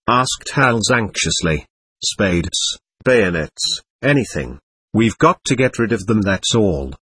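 Male audiobook narrator, husky tone, lively pitch, dry studio sound, measured read. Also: no room sound. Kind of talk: scripted narration.

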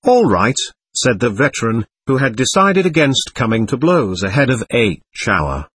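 A man narrating a war novel in the first person, in expressive, measured storytelling. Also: medium pitch, breathy edge, no echo. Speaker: audiobook narrator.

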